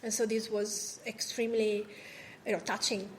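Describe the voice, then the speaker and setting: A woman's voice: medium pitch, little pitch movement, moderate pace, a little hiss or hum. A woman from Italy with an Italian accent, a food writer and podcast host talking on a live panel, chatty, with many fillers and restarts. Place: cultural association event room.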